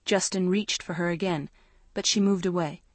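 A woman narrating a young-adult novel in a measured storytelling voice. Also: on the low side, steady tone, no room sound. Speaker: audiobook narrator. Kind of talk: scripted narration.

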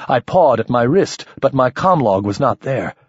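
A man narrating a first-person story in an expressive, lively manner. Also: mid-range voice, normal speed, husky, dry recording, highs cut off. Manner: expressive, shifting voices for characters. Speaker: audiobook narrator.

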